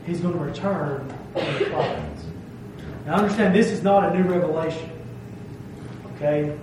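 Very animated and fairly high-pitched, a man delivers an emphatic sermon at a normal pace, punctuating it with "okay?" to confirm he's understood. Background noise is present, and the recording is distant and very echoey.

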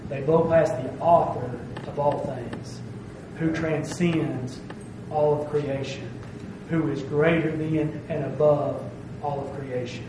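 A man's voice: on the high side, steady tone, slow pace, noisy background. A man preaching a sermon with emphasis, stressing his phrases and asking "okay?" to check that he is followed. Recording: very echoey room, heard from a distance.

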